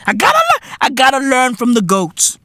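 A man with hosting a comedy podcast, giving a profane monologue full of "bruv" and "innit" and shouting some bits. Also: very high voice, huge pitch swings, a little slow, no room sound, studio quality. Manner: profane slangy banter, frequent "bruv" and "innit".

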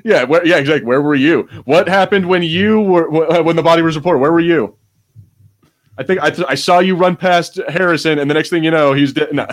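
A man's voice: on the high side, fairly quick. A man co-hosting a podcast, rambling and joking with casual swearing. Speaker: podcast co-host.

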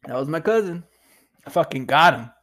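In a casual storytelling bit, a young podcast host rambles loosely and profanely, peppering his talk with fillers and "dude." His voice is on the high side, animated, slightly fast, and a bit bright.

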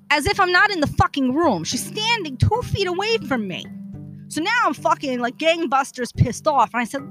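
A woman's voice: high-pitched, big pitch swings, brisk, bright, forceful tone, faint music behind. A woman hosting a podcast, telling a personal story in a profane, exasperated rant. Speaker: podcast host.

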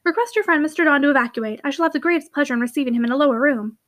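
A bold young heiress in a period storybook, teasing and quick to command, her high voice darting through lively exclamations, as a woman reads her. The talk runs fast and spirited. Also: no room sound.

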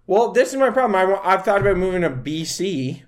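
A man with a fairly high voice co-hosts a podcast in easy, casual chat. His delivery is animated and bouncy, and he laughs readily and swears in passing. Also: quick pace. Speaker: podcast co-host.

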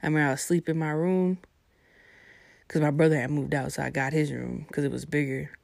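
A woman's voice: low voice, fairly even intonation, quick pace, creaky, darkish tone, dry recording. A young adult woman telling a personal story in a casual, laid-back and profane way.

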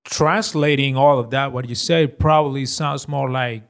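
A man interviewing a guest, calmly affirming and summarizing what she said. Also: medium pitch, normal speed. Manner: calm, affirming, summarizing back. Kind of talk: conversational interview.

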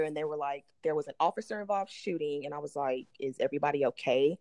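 A woman, co-hosting a podcast and telling a story in casual chat, animated and profane, acting out what people said. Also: sits low, fast, few pauses, dry recording. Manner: animated, profane, acts out quotes. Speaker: podcast co-host.

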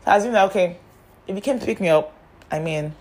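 A woman's voice: fairly low pitch, fast talker, darkish tone, husky. A young woman telling stories in a chatty, exasperated storytime monologue, speaking straight to the listener.

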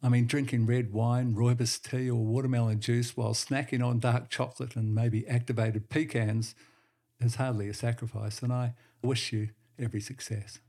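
A man hosting a health segment, explaining in brisk lists in a casual monologue. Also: mid-range voice, little pitch movement, dark tone.

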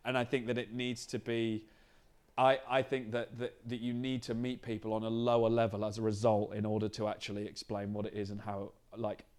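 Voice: mid-range voice, little pitch movement, fairly quick, a little mellow. A non-binary comedian, a podcast guest in casual chat, talking thoughtfully with frequent restarts in a backstage green room. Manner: thoughtful, searching, many restarts.

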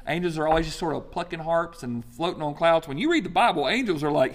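A male pastor with a fairly high voice, preaching in a loose, conversational style. He is animated and quick to joke between points. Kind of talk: sermon.

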